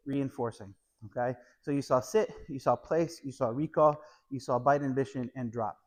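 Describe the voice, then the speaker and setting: A man with an ordinary mid-range voice teaches a puppy training session. He explains each step as he works the dog and keeps tagging his points with a quick "okay?" to the viewer. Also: medium pitch. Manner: explains while working a puppy, frequent "okay?" check-ins. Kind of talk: instructional training video.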